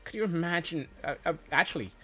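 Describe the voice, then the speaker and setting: A man's voice: a little high, animated, quick pace, bright, forceful tone. Rambling man streaming with music behind. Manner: rambling, playful, many fillers and restarts. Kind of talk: casual gameplay chat.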